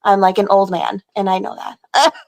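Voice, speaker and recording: A woman guest on a casual livestream chat, chatty and giggly with quick asides. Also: medium pitch, flat delivery.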